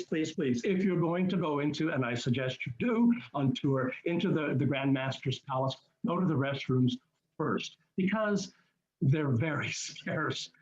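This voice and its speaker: A chatty, enthusiastic man with a fairly high voice hosts a travel webinar, rambling and restarting as he goes. His voice comes through a computer mic, dull and lo-fi. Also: a little mellow. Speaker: group cruise host presenting a webinar. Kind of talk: casual webinar presentation. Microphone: computer mic on a video call.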